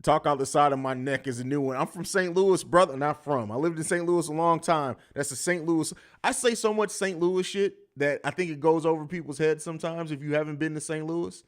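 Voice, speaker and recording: A man's voice: fairly high pitch, a little fast, few pauses. A man hosting a live sports podcast, talking bluntly and riffing with plenty of profanity. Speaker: podcast host. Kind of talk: live-stream sports talk.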